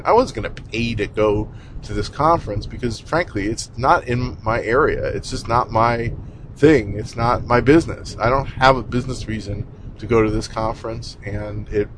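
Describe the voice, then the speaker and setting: A man's voice: lowish voice, noisy background. A man talking casually in a rambling, conversational way, with lots of fillers and a blunt, exasperated edge. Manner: exasperated, blunt, mild swearing. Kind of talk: casual monologue.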